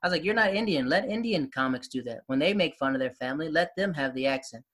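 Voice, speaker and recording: A fast-talking man hosts a relaxed chat, jumping eagerly into animated anecdotes. His voice sits at a middle pitch. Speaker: host. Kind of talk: casual conversation.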